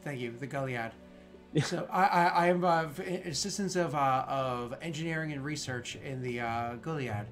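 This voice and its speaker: A man voicing an eager male engineering assistant AI who talks in formal, halting service phrasing. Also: medium pitch, fairly bright tone, soft background music, close to an everyday voice. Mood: helpful.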